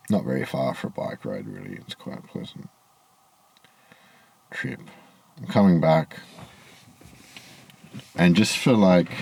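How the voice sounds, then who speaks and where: This male vlogger has an extremely low, gravelly yet mellow voice. Outdoors as evening light fades, he swears freely while relaying a rambling, aggrieved tale to the camera in a casual vlog.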